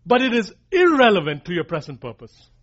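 A man's voice: sits high, wildly swooping pitch, brisk, fairly bright tone. A man preaching a sermon, pressing his points hard and repeating key lines for emphasis while calling his listeners "guys.". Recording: dull lo-fi recording.

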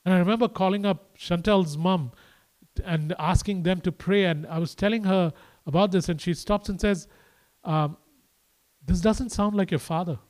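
A man preaching a conversational sermon, swinging between quiet and emphatic delivery and speaking to the crowd as "guys" and "man". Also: high-pitched, normal speed. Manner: addresses listeners casually as "guys" and "man".

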